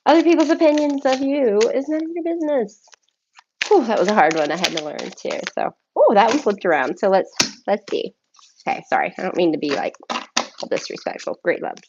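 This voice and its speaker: A woman reading tarot cards and channeled messages on a solo live stream, excitable and effusive, often thanking spirit. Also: a little high, brisk, dull audio, background noise. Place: home, by herself.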